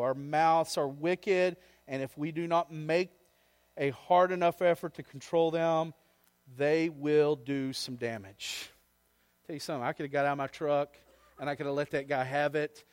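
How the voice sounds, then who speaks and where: A middle-aged man preaching as a pastor, his voice sitting a little high for a man. He speaks in a casual, folksy way, calling out "man" and "right?" to the room. His sermon swings between loud, raised exhortation and quiet, low storytelling. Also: clear, resonant tone.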